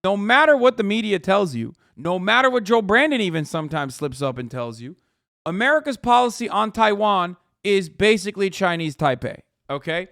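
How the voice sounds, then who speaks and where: A man's voice: high voice, expressive, normal speed, creaky, fairly bright tone, dry recording, studio quality. A man in his thirties, a live streamer, ranting sarcastically with heavy swearing in casual commentary.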